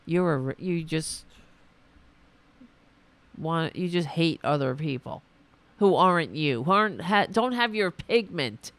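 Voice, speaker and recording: A woman hosting a political podcast, delivering an indignant, profane rant full of restarts, her voice going hoarse. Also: deep voice, animated, a little slow, pauses often, fairly bright tone, dry recording. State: losing her voice. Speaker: podcast host.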